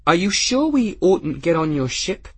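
A man's voice: high voice, very animated, unhurried, fairly bright tone, slightly rough, no echo, voice pushed up, heavily acted. A male narrator voicing a polite, curious young woman who is new to adventure and asks questions hesitantly, in an audiobook reading.

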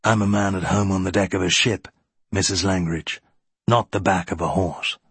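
A man voicing a gallant naval captain in a period story, measured and restrained. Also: sits low, steady tone, fairly bright tone, breathy edge, no room sound, voice pushed down, full character voice. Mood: wry.

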